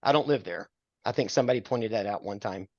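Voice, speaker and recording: A man's voice: on the low side, fast talker, no room sound, highs cut off. An older man counseling a married couple, earnest and preacherly, quoting scripture with a self-deprecating streak. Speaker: marriage mentor.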